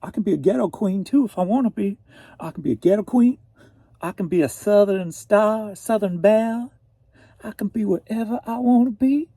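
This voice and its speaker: A man voicing a sassy, proud Southern belle lady in a high, defiant, sing-song voice. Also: fast, hardly any pauses, warm tone, husky, no echo, studio quality, far from the mic.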